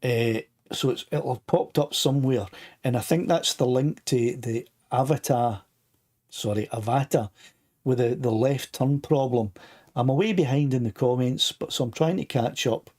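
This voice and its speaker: Older Scottish host with a touch of throat trouble; rambling, chatty, reading out comments. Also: male voice, medium pitch, moderate pace, a little mellow. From Scotland. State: a bit of a sore throat. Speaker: live stream host. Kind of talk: casual live stream chat.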